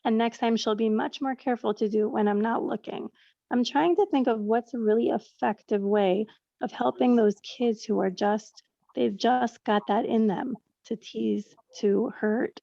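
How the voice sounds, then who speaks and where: Teacher, woman, gravelly edge, hesitant and rephrasing, on a muffled video call. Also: fairly high pitch, fairly even intonation, normal speed, mellow, no echo. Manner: searching, full of fillers and rephrasing. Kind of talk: question from a webinar attendee.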